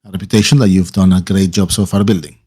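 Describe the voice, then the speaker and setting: A man voicing a calm, calculating male spymaster. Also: sits low, breathy edge. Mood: explaining. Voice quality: calm, deliberate delivery. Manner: explains plans slowly and carefully.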